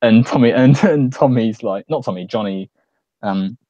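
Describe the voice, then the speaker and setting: A man hosting a casual stream chat, with a middle-pitched voice that rambles along full of fillers and laughs. The sound is dry and close, with no room around it. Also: moderate pace, warm tone, dry recording, muffled recording. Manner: giggly, rambling, lots of fillers. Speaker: stream host.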